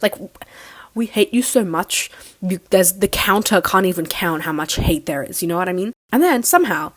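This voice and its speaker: A young woman giving a casual, sarcastic recap review of a cartoon finale, mocking the plot as she goes. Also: lowish voice. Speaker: show reviewer.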